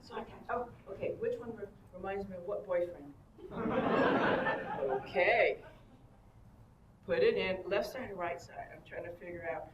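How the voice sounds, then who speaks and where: An older panel guest at a convention entertains the audience with bawdy anecdotes, big laughs and acted-out voices. Her fairly low voice is expressive, at normal speed with long pauses. The muffled recording comes from a roomy hall, distant and filled with crowd noise.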